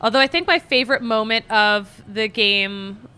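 A woman from the Philadelphia area with a Philly accent, hosting a casual sports podcast with a voice worn hoarse from screaming, chatty and quick to laugh at herself. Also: fairly high pitch, bright, forceful tone. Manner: chatty, laughs often, self-mocking. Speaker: podcast host.

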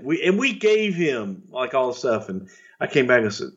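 A man's voice: mid-range voice, moderate pace, breathy edge, lo-fi sound. A middle-aged man co-hosting a podcast, telling rambling, profane stories and laughing through his anecdotes. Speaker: podcast co-host, former wrestling executive. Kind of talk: casual storytelling.

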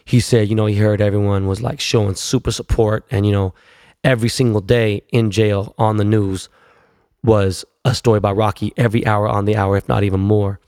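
Casting: young man, low gravelly voice, dry close sound, loose slangy profane storytelling. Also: level tone, a little fast, darkish tone, dry recording. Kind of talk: casual storytelling.

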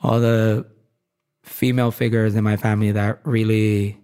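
A man's voice: on the low side, little pitch movement, normal speed, warm tone, clear, resonant tone. A man, a fashion designer, talking casually as an interview guest, peppering his stories with "like" and acting out the voices of people he quotes. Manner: chatty, leans on "like", acts out quoted voices.

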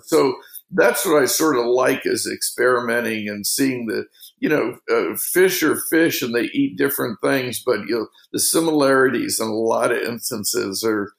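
A middle-aged fishing guide, telling rambling anecdotes in a casual interview and leaning on "you know" constantly. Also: male voice, medium pitch, moderate pace, gravelly, echoey room, low-quality recording.

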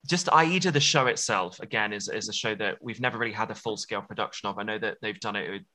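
A man's voice: on the low side, fast talker, sharp tone. A British man hosting an interview, asking long, effusive questions. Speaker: host.

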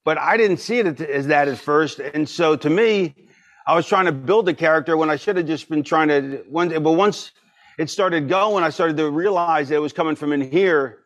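An animated middle-aged man appears as a podcast guest, telling stories casually at a moderate pace in a voice on the high side. He acts out the voices of the people he quotes.

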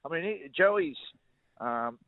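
A man's voice: fairly high pitch, lively intonation, slow, dry recording. A middle-aged Australian man, a former rugby league player, telling stories as a radio guest in a colloquial, chuckling way, stumbling over and repeating words. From Newcastle, Australia. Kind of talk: casual radio interview storytelling. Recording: dull, muffled broadcast audio.

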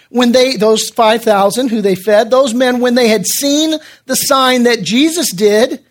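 A man's voice: high voice, normal speed. Man preaching a casual, conversational sermon. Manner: conversational preaching with frequent restarts, acting out quoted voices. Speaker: pastor. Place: church room with congregation.

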